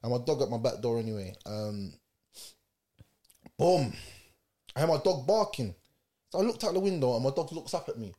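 A man's voice: mid-range voice, expressive, normal speed, long pauses, mellow. A man in a casual podcast chat, telling stories in street slang and acting out the scenes.

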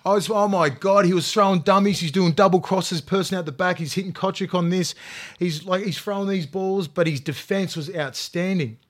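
A man, a former player, vents about a match in loose, heated podcast talk. He swears freely and stumbles through fillers and restarts. His voice sits a touch higher than most men's. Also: normal speed. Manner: heated, profane ranting with lots of fillers. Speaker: former rugby league player, panelist. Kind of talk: casual podcast chat.

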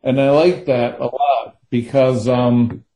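A man's voice: medium pitch, steady tone, slow, warm tone, low-quality recording. A novelist talking about his craft in an interview, thoughtful and hesitant, with many fillers and restarts. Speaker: novelist and co-author. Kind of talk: interview conversation.

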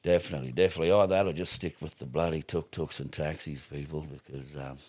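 A man's voice: very deep voice, steady tone, quick pace, darkish tone, no echo. A middle-aged Australian man telling stories on a podcast as a guest, swearing freely and rambling with restarts. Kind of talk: casual storytelling.

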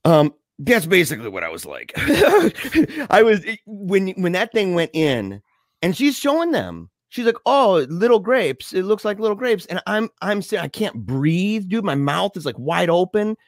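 A fairly high-voiced man spins a story in loose, slangy banter, laughing as he goes. The sound is close and dry, with no room around it. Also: measured pace, no echo. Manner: animated, slangy, laughs a lot, says "dude". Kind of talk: casual chat, storytelling.

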